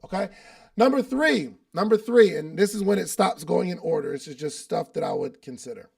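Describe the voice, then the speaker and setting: A man with a raised pitch and a heavy gravelly fry runs a live coaching call. His talk is loose and chatty. He uses slang and repeats lines to drive a point home. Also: fairly quick. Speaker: podcast host and business coach. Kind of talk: casual coaching talk at a live online meeting.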